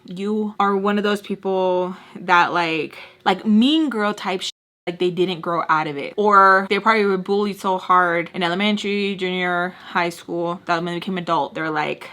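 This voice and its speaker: A woman telling a casual storytime rant as a beauty vlogger. She talks in a chatty, animated way, fills her speech with "like", and acts out what people said. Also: mid-range voice, moderate pace. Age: adult with a son and husband. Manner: chatty and animated, heavy use of "like", mimics people in quotes.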